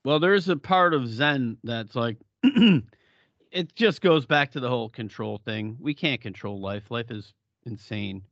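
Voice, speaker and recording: A man's voice: medium pitch, lively intonation, measured pace, a bit bright, dry recording, dull audio. Blunt, profane middle-aged man. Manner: blunt, profane, laughs often. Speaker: podcast co-host. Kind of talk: casual chat.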